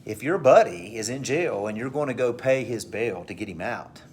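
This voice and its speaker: A man's voice: medium pitch, expressive, moderate pace, a little mellow, slight background noise. Joking man teaching civics. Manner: conversational, jokey, repeats points for note-taking. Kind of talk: recorded civics lesson.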